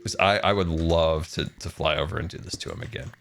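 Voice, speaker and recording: A man's voice: a bass voice, fairly even intonation, a little fast, gravelly, fairly bright tone, a little hiss or hum. A man streaming a game, chatting casually and rambling, self-deprecating, with many fillers. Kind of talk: casual game livestream chat. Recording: music playing behind the voice.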